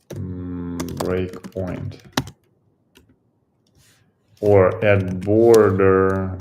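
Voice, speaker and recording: Slow, gravelly low-voiced man thinking aloud. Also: noisy background. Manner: halting, musing, many pauses and fillers. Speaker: coding tutorial host. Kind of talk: thinking aloud while coding.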